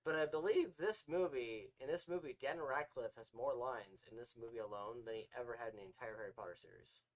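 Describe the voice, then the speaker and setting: A man co-hosting a podcast in casual, animated chat with quick asides and frequent laughter. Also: mid-range voice. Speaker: podcast co-host.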